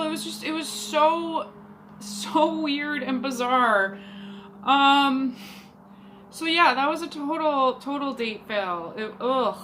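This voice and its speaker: A young woman talks fast and loose, full of "like" and exasperated asides. Her voice sits a bit high and sounds bright and forward. A faint background hum sits under her. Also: rough recording. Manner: chatty, exasperated, heavy use of "like". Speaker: vlogger. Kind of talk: casual storytelling rant.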